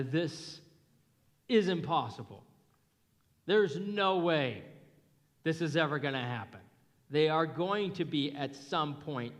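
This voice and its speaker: Emphatic man preaching in an echoey hall. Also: mid-range voice. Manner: animated storytelling, emphatic. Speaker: pastor. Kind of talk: sermon. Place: church hall. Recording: long reverb of a hall.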